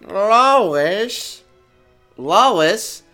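A reader putting on a loud, blustering cartoon dad, yelling lines during an amateur fan-fiction read-aloud. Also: mid-range voice, lively intonation, soft background music, voice pushed up, exaggerated voice. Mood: bellowing. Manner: yelling, drawn-out delivery.

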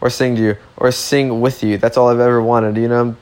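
A man's voice: mid-range voice, level tone, fairly quick, darkish tone, clean tone, natural voice. A man reading as a sweet teenage girlfriend. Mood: earnest.

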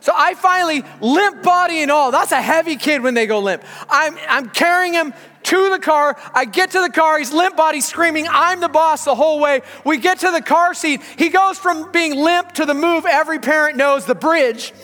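A man in his thirties preaching a sermon as a pastor, telling an animated story before turning earnest. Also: very high-pitched, moderate pace, few pauses. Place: church auditorium. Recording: large hall with long reverb, faint music.

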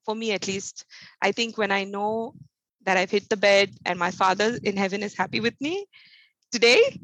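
A woman's voice: medium pitch, animated, moderate pace, a bit bright, no echo, poor audio. A woman talking earnestly as a podcast guest, an encouraging motivational trainer who speaks emphatically and often adds "you know" and "right?". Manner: faith-centered encouraging tone. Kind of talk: podcast interview answer.

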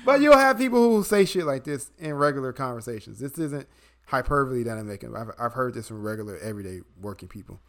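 A man's voice: medium pitch, quick pace. A man co-hosting a podcast, talking bluntly and swearing freely in casual chat. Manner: blunt, profane, animated. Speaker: podcast co-host.

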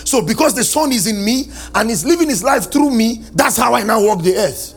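Male pastor, high voice, sing-song call-and-response preaching that breaks into shouts, soft music underneath. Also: lively intonation, brisk, gravelly. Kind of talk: sermon. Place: church service.

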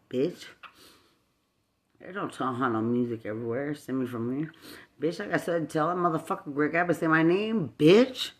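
A person in a heated confrontation, crying and shouting repetitive profane insults, then dropping to a low mutter. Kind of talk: furious shouting rant.

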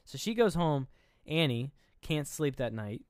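Smooth, dry-voiced man recapping a film. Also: fairly high pitch, very animated, unhurried, no room sound. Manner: rambling, profane, acts out scenes in quoted voices. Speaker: podcast co-host. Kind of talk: casual chat recapping a film.

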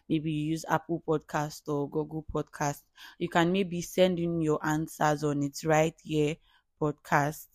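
Nigerian-accented solo podcast host, earnest and repetitive, even pitch, dry close sound. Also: no echo. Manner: earnest, repeats words while gathering thoughts. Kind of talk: solo faith podcast monologue.

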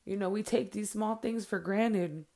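A woman and mother speaks straight to her followers, earnest and blunt, with plenty of swearing. Her voice sits in a middle pitch range, and her talk is loose and full of "like" and "um" fillers. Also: a little slow, creaky, warm tone. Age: adult with children. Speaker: vlogger addressing followers. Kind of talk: heartfelt direct-to-camera monologue.

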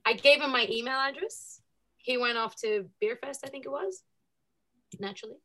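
A slightly high-pitched woman speaks at a moderate pace with an American accent; she's from California. As a guest in a casual storytelling interview, she retells events in a chatty, animated way, laughing and using fillers.

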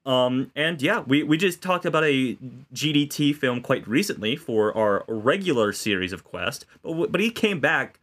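A man's voice: mid-range voice, expressive, normal speed, hardly any pauses, fairly bright tone. A man on a film podcast, chatting casually in a jokey, teasing way. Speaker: podcast panelist. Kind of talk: casual film-review chat.

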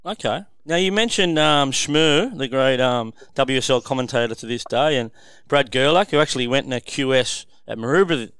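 A man hosting a casual interview, asking questions in a relaxed, matey way. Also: mid-range voice, moderate pace, smooth, dry recording. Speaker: podcast host.

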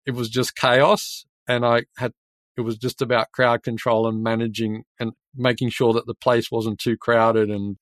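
An Australian man hosts a casual podcast chat, telling anecdotes in a loose, rambling way and laughing often. His voice sits at an ordinary middle pitch. The recording is dry and close, with little room sound. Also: flat delivery, moderate pace, a bit bright, no room sound. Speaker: podcast host and builder.

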